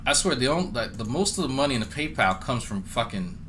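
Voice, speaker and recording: A man's voice: mid-range voice, very animated, fast, a bit bright, slight background noise, poor audio. A man doing profane, mocking commentary as a streamer, sarcastic and swearing often.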